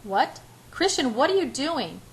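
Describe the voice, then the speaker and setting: A woman's voice: on the high side, expressive, normal speed, a little hiss or hum, natural voice. A woman reading the lines of an anxious, unsure young woman in her own voice. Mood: panicked.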